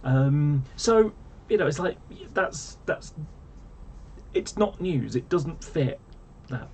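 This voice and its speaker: A man's voice: on the high side, lively intonation, slow pace, darkish tone, slight background noise. Rambling, exasperated man. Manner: rambling and exasperated, with many fillers and restarts. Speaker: vlogger. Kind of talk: casual rant to camera.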